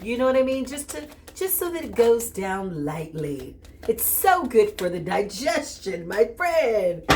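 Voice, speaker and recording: A woman giving a casual tarot reading straight to her listener, animated and joking, often calling out "listen" and "okay". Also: a little high, background noise. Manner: animated and joking, with bursts of laughter. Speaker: tarot reader.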